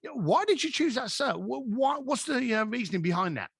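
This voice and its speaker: A man guest on a podcast tells stories in a high, swooping voice and slips into little voices for the people he quotes. The sound is close and dry, with no room around it. He keeps the pace of an animated storyteller. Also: a little fast, gravelly, husky, no echo. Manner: acts out quoted dialogue with lively voices.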